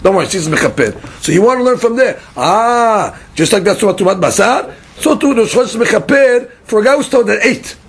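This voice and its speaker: A man teaches a Talmud lesson in an animated, questioning style, repeating words often and mixing in Hebrew and Aramaic terms. His voice is high-pitched, creaky and a little breathy, moving slightly fast with few pauses.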